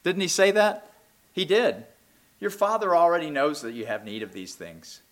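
A man preaching a sermon, swinging between impassioned near-shouts and low, quiet asides. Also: expressive, normal speed.

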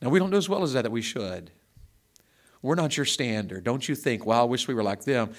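A middle-aged man gives a chatty, story-driven sermon that shifts from soft asides to loud, emphatic surges, with frequent repetition of words. He speaks in a mid-range, expressive voice, a little on the fast side.

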